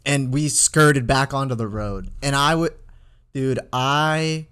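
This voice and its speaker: Young guy podcast cohost rambling thru a story, lots of restarts, mid pitch. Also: slow pace, clean tone. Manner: rambling storyteller, many restarts, animated when quoting himself. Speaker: podcast co-host. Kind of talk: casual chat.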